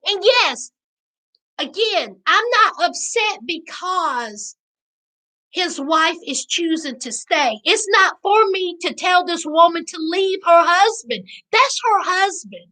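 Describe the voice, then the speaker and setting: Animated high-voiced woman, livestream host. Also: slow. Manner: animated, preachy, Southern slang, addresses chat as y'all. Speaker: reality TV recap host. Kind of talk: live-stream commentary.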